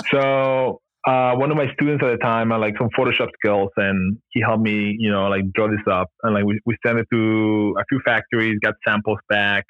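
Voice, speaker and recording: A man's voice: on the low side, level tone, moderate pace, no room sound, lo-fi sound. A man telling his story as a podcast guest in a loose, rambling way, full of "like" and "you know", often laughing at himself. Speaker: podcast guest, gear company founder. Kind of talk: casual storytelling in an interview.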